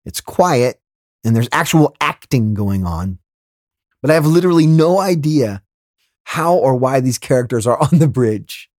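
A man hosting a podcast, telling a comedic story in an exasperated, animated way with laughing asides. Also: medium pitch, a little slow, no room sound, clean studio sound. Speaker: podcast host.

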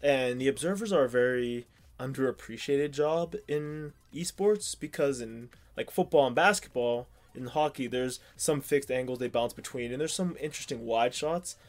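A man's voice: mid-range voice, normal speed. A young man from the Pittsburgh area co-hosting a podcast, rambling casually with lots of ums and restarts. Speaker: podcast co-host. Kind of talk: casual chat.

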